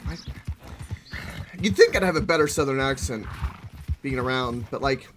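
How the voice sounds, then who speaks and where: A young man giving playful, excitable commentary while playing a game and answering his chat. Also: medium pitch, normal speed, long pauses, faint music behind. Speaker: gaming streamer. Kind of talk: casual gameplay commentary.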